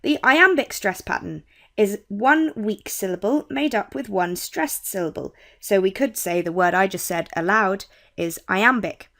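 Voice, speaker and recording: A young woman with a British accent, tutoring on poetry in a clear, measured way. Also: medium pitch, lively intonation, a bit bright. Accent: British English. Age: young adult. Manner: clear, measured teaching with quoted lines read slowly. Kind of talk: explaining poetry terms.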